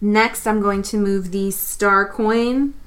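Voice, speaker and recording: A woman's voice: mid-range voice, steady tone, takes it slowly, fairly bright tone. A woman playing a tabletop game, chatting casually and thinking aloud as she plays. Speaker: player. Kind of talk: casual play commentary.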